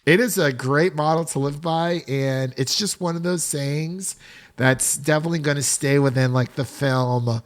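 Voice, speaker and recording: A man's voice: on the high side, normal speed. A man hosting a film podcast in a casual, upbeat, chatty way, laughing often between remarks. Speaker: podcast host.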